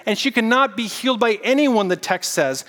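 A man preaching a casual, animated sermon and getting the congregation to repeat words back to him. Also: sits high, moderate pace, in a large hall. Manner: casual, animated preaching with audience call-and-response. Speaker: pastor.

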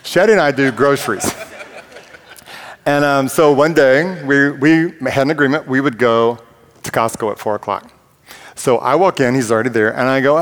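A man's voice: mid-range voice, normal speed. Candid male preacher in a reverberant hall. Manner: candid, self-deprecating, plain-spoken. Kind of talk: conversational sermon with personal stories.

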